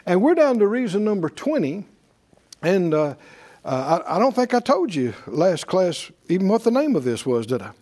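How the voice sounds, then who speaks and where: A man's voice: high voice, very animated, moderate pace, darkish tone. A man teaching a Bible class in sermon style, folksy, with chuckles and rhetorical questions. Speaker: preacher and teacher.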